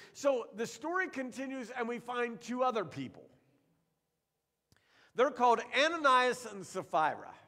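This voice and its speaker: Animated man preaching in a reverberant church. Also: high voice. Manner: animated storytelling, acting out characters' lines. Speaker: pastor. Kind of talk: sermon. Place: church sanctuary. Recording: long church hall reverb.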